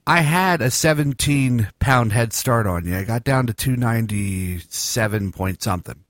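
A man hosts a loose podcast chat in his groggy morning voice, rambling with lots of fillers and jokes. His voice sits at a middling pitch and the sound is dry and close. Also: normal speed, fairly bright tone, dry recording. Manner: rambling, joking, many fillers. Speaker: podcast host.

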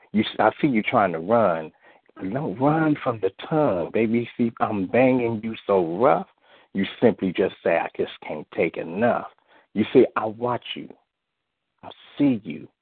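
A man reciting erotic spoken-word poetry in a slow, sensual way, often saying "you see", heard over a phone line. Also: on the low side, lively intonation, slightly rough, no echo. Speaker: guest poet. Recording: tinny phone-line audio, dry.

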